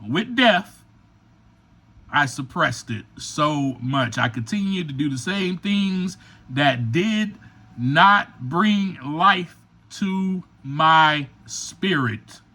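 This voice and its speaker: Male podcast host, motivational preacher type; very bright, forceful tone, slow deliberate delivery, direct and repetitive. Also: on the high side, lively intonation. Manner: emphatic and preacher-like, bursts to near shouting; addresses listeners directly, repeating phrases. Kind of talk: motivational monologue.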